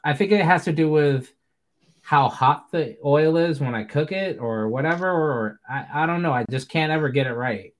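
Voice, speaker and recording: A man's voice: a little high, moderate pace. A man hosting a podcast, telling stories in casual chat, laughing often and swearing casually. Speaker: podcast host.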